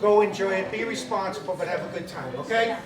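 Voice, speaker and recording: A male economics teacher giving an energetic graduation speech, leading the audience in cheers. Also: high-pitched, fast talker, very noisy. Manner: energetic, leads the crowd in cheers. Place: large hall with crowd. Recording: roomy hall, distant mic, loud crowd.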